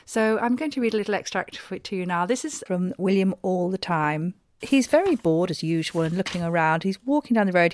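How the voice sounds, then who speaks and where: A woman hosting a comic radio show and delivering arch, deadpan monologues. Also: fairly low pitch, dry recording. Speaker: radio host.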